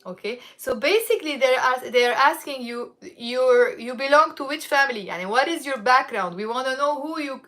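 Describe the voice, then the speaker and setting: A woman with a Lebanese accent giving a casual language lesson, chatty, repeating phrases slowly and checking in with "okay?" often. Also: sits high, a bit bright. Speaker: Arabic teacher.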